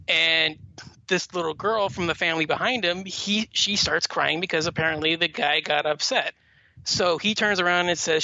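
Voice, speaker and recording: A man guesting on a podcast, his slightly high voice gravelly and bright. He rambles through a story, full of "like" and "you know". The sound is dull and lo-fi with a faint hiss behind him. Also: fairly even intonation, measured pace. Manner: rambling storyteller, heavy with fillers and restarts. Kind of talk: casual chat. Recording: dull lo-fi audio with faint noise.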